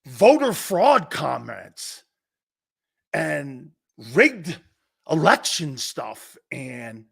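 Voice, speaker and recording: A middle-aged man hosting a sports talk show, ranting loudly and mocking rivals. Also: sits high, creaky, breathy edge. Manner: loud, mocking, puts on voices and laughs often. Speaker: sports radio host. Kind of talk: animated sports talk rant.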